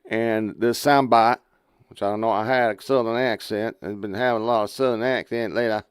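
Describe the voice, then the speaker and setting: A man's voice: on the low side, steady tone, a little fast, clear, resonant tone, dry recording. A man from the United States hosting a political podcast, ranting crudely and with exasperation while playing clips. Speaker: podcast host. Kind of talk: profane political commentary.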